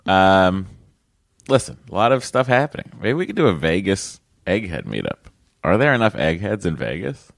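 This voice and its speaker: A man's voice: deep voice, big pitch swings, moderate pace, gravelly, no echo, studio quality. A man co-hosting a casual podcast, joking around and reading listener emails aloud. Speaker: podcast co-host.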